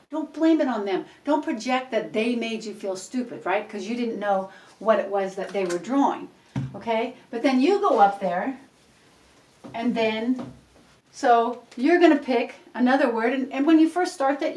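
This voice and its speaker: Energetic woman coach in an echoey room. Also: on the high side, moderate pace, recorded from a distance. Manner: energetic, encouraging, animated cheering voices. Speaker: life coach. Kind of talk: casual instructional talk to camera.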